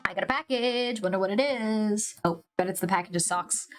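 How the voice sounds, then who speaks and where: A chatty woman streaming a dating game, reading its lines aloud between lively, loose asides. Her voice sits at a middle pitch and she swears casually now and then. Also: a little fast, soft background music. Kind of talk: casual let's-play commentary, reading game text aloud.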